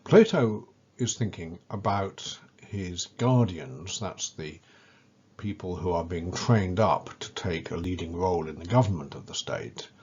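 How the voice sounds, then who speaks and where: The speaker is a man whose voice is very low and a touch husky, giving a careful, scripted educational lecture at a relaxed pace. He stresses key words with measured weight, and his tone is a little mellow. Sound quality is a bit dull and lo-fi.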